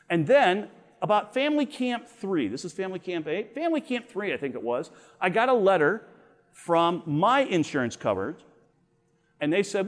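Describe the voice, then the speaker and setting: Middle-aged man, camp Bible teacher, high-pitched, very lively delivery, acts out quotes. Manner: storytelling, acts out quoted voices. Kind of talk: animated youth Bible lesson.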